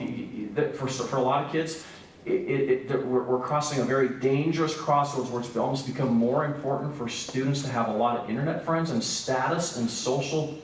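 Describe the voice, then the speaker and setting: A man speaking at a church breakout session in an earnest storytelling manner, turning quiet and grave for the hard parts. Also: mid-range voice, slight background noise. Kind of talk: earnest church seminar talk. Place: church hall. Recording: very echoey hall from far off.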